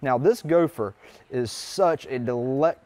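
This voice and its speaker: A man's voice: medium pitch, unhurried, a little mellow, no echo. A man from Savannah, Georgia, with a Southern accent, a guest demonstrating his company's candy on a TV shopping show, enthusiastic and polite, often saying "yes, sir". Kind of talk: product demonstration. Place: TV studio kitchen set.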